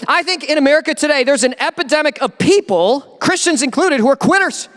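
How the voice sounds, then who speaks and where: High-voiced pastor preaching in a reverberant hall. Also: male voice, quick pace, hardly any pauses. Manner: animated, acts out quoted voices. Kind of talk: sermon. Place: church sanctuary.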